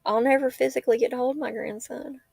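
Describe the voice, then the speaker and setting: A woman's voice: high-pitched, fairly even intonation, quick pace, vocal fry, a little mellow, husky, dry recording. A woman, rambling and heartfelt in a tearful casual livestream chat. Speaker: livestream host. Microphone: laptop or phone mic.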